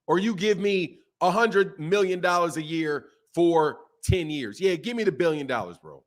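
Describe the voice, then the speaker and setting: A man with a fairly high voice rants in casual commentary, repeating himself and firing off rhetorical questions. He sounds animated and talks straight at his viewers. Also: normal speed, hardly any pauses. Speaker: boxing commentator.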